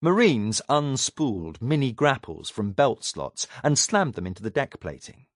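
A man reading science fiction narration aloud in a dramatic, expressive way. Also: mid-range voice, measured pace, no room sound, studio quality. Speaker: audiobook narrator. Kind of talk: scripted narration.

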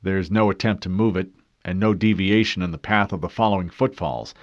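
A man's voice: sits low, brisk, no room sound, natural voice. A man voicing a disciplined male super-soldier who answers stiffly and formally. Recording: dull dry studio read.

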